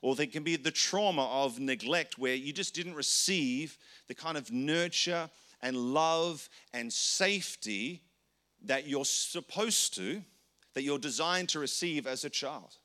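Male pastor, bright forward tone, earnest and conversational, repeats words as he thinks. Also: on the high side, unhurried. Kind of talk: sermon teaching.

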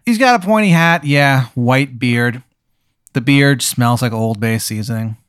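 A man's voice: medium pitch, a little slow, a bit bright, clear, resonant tone, no echo, clean studio sound. A man hosting an improvised role-play game, narrating in a rambling, casual way with lots of "like"s and swearing. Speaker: game host.

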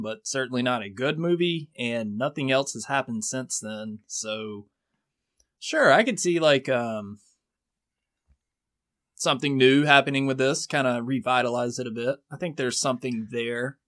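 An easygoing man co-hosting a podcast in casual chat, joking around with fillers. His voice is of middling pitch. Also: measured pace, a bit bright. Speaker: podcast co-host.

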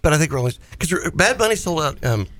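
A man's voice: on the high side, very animated, quick pace, fairly bright tone, dry recording. Radio host guy, playful, keeps tripping on his first words. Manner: playful, leads the segment, stumbles over starts. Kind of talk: casual morning radio banter.

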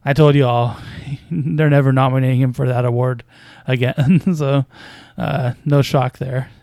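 A man's voice: mid-range voice, steady tone, unhurried, vocal fry, warm tone, no echo. A man casually commenting on basketball news as a podcast host, with a hesitant, wry delivery full of fillers and small chuckles.

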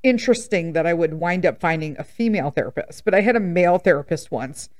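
A woman's voice: fairly low pitch, lively intonation, quick pace, a little mellow. A woman in her fifties hosting a podcast, telling personal stories in a blunt, sassy, emphatic way and laughing at herself. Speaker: podcast host. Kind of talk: casual storytelling monologue.

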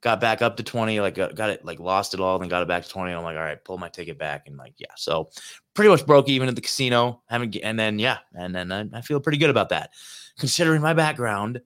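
A man's voice: lowish voice, expressive, quick pace, a bit bright. A man hosting his own show, telling a road-trip story in a loose, rambling monologue full of filler words and swearing, recorded in a hotel room. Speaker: host.

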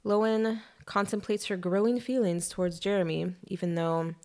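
A young woman casually retelling a novel on a chat podcast, animated, with quick asides and lots of "like". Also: mid-range voice.

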